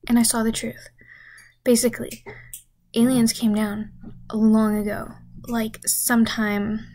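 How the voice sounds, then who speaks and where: A young woman with a fairly high, airy, slightly husky voice tells a comedy story in a half-whisper. Her delivery is deadpan and rambling, and she swears constantly. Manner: deadpan rambling, many swear words and 'freaking'. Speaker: content creator.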